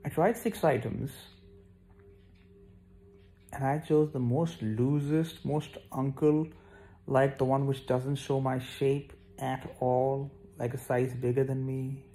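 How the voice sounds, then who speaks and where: Gravelly, warm-voiced casual male vlogger. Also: medium pitch, steady tone, slow pace. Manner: scattered, self-mocking, talks straight to viewers. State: yawning, tired. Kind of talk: casual rambling vlog to camera.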